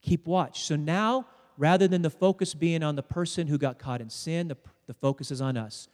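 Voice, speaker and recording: High-voiced preacher in an echoing hall. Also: male voice, moderate pace. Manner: storytelling, animated, joking with congregation. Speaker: pastor. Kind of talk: sermon. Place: church sanctuary. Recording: preached in a hall with long reverb.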